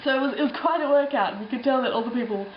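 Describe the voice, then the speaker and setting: A woman's voice: high voice, rapid-fire, roomy sound, lo-fi sound, slight background noise. A young woman telling a travel story in a casual, rambling way, full of ums and little laughs. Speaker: travel vlogger.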